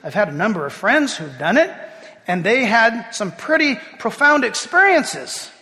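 A man preaching a sermon with animated delivery, swinging from hushed asides to loud exclamations. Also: sits high, a little slow. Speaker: pastor. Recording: reverberant hall.

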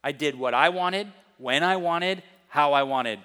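A middle-aged man preaching as a pastor, telling stories with emphasis and reading scripture slowly and deliberately. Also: a little high, pushed and bright, big-room sound. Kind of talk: sermon.

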